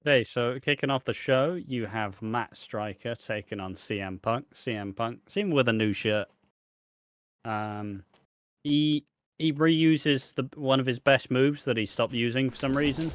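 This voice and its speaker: A man's voice: mid-range voice, a little slow, dry recording. A man co-hosting a wrestling podcast, laid-back and dry, dropping swear words into match rundowns. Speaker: podcast co-host. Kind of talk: casual chat.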